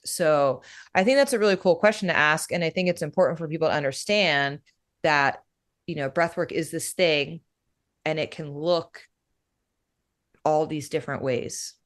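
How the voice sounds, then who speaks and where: A woman who works as a breathwork facilitator, explaining her practice in a relaxed, casual way that is full of "you know" and "right?". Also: sits low, unhurried.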